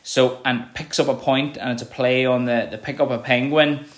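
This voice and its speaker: A man teaching a recorded revision lesson, explaining terms with frequent checks like "okay" and reading examples out slowly. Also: medium pitch, steady tone. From Ireland.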